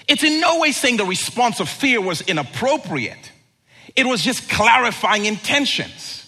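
A male pastor delivers a sermon in a relaxed, conversational way, breaking off into joking asides. His voice sits high and bright, with a husky grain. He rises and falls a lot as he speaks. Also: moderate pace.

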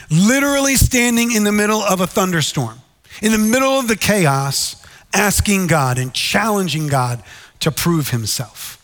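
A man's voice: fairly high pitch, a bit bright, long reverb tail. A man preaching a sermon in an earnest, conversational way, often turning to the listeners with "right?". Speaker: pastor.

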